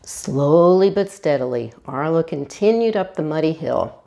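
A woman volunteer reading a children's storybook aloud, animated and asking her young listeners questions. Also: sits low, normal speed, gravelly, slight background noise. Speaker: hospital volunteer reader.

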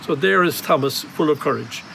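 An Irish priest giving a reflective homily outdoors at a grotto, telling stories in a gentle, conversational way. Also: male voice, a little high, animated, normal speed, creaky, a little hiss or hum, rough recording. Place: outdoor grotto on monastery grounds.

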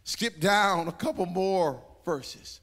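A man's voice: high voice, slow, fairly bright tone, in a large hall. A man preaching a sermon as pastor, dramatic and acting out voices, repeating phrases for emphasis. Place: church sanctuary.

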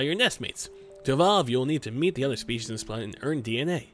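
A man's voice: mid-range voice, expressive, racing, fairly bright tone, faint music behind. A young man casually commenting while playing a video game, joking, reading on-screen prompts aloud and talking to his creature. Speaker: gaming YouTuber. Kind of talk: let's play commentary.

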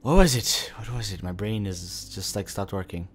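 A man's voice: fairly low pitch, normal speed, soft background music. A man giving rambling, swear-filled let's play commentary, thinking aloud as he plays. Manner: rambling and profane, often swears; thinks aloud while playing. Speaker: gamer playing a video game.

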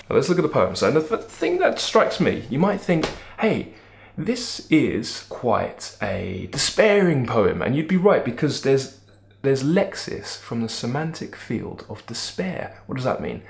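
A man teaching a poem in a lively, emphatic way, thinking aloud with frequent restarts. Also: fairly low pitch. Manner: animated, emphatic, musing with restarts. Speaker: literature teacher. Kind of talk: lecture-style video analysis.

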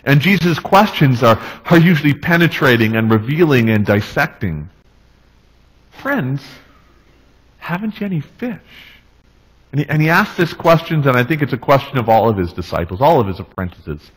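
A male pastor preaching a sermon in a relaxed, conversational way, often checking in with the congregation. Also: medium pitch, fairly quick, hardly any pauses, slightly rough, rough recording. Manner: conversational, tag questions, restarts. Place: church.

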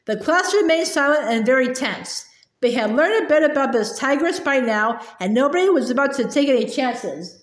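A woman reading a children's storybook aloud with lively storytelling, in an echoey room. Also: sits high, moderate pace. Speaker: reader.

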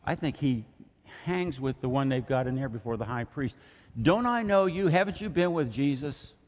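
A man's voice: medium pitch, expressive, moderate pace, a little mellow, pitched above the performer's own voice, lightly acted. A man voicing a suspicious young servant girl who keeps pressing with accusing questions. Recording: long reverb of a church hall.

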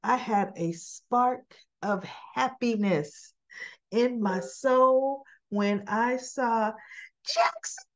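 Drawing out her words in a fairly high voice, a woman casually chats through a soap opera episode recap. She plays out the characters' lines and laughs a lot as she goes.

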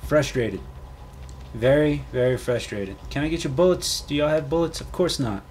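A man's voice: a little high, moderate pace, a little mellow, slight background noise. A man ranting and swearing through a let's play commentary. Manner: salty, swearing, ranting at the game. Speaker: gaming YouTuber.

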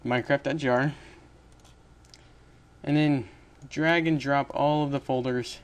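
A man's voice: medium pitch, steady tone, slow. Young guy talking through a coding tutorial, rambly, keeps correcting himself. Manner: rambling, self-correcting, chatty with little laughs. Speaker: tutorial host. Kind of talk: casual screen-recorded coding tutorial.

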